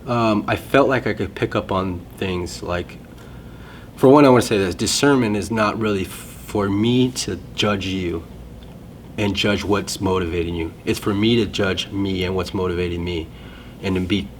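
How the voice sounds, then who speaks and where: A man's voice: low-pitched, moderate pace, slight background noise. A man in casual conversation, sharing a personal testimony in a rambling, self-interrupting way.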